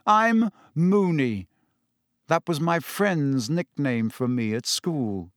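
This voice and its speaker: Calm weary teacher voiced by a man, measured, patient, lively lilt, unhurried. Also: fairly high pitch, dry recording, clean studio sound. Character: calm, weary male teacher, middle-aged.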